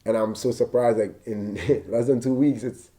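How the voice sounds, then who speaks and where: Podcast host, man, mid-pitched, friendly and lively conversational tone. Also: moderate pace. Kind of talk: casual interview chat.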